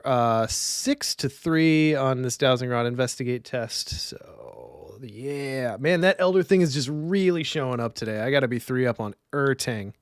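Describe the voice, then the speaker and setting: A medium-pitched man is heard in clean studio sound with no room noise. Casually commentating on his solo card game stream, he reads rules under his breath and talks with his viewers.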